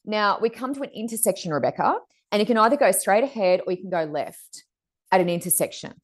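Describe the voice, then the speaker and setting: A middle-aged woman co-hosting a podcast, telling stories in a chatty, animated way and acting out other people's lines. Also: medium pitch, fast. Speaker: podcast co-host. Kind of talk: casual storytelling chat.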